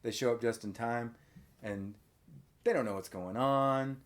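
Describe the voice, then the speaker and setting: Male podcast host, lively recap, pops into character voices. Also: mid-range voice. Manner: animated retelling, acts out lines in quick voices. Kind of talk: casual movie recap chat.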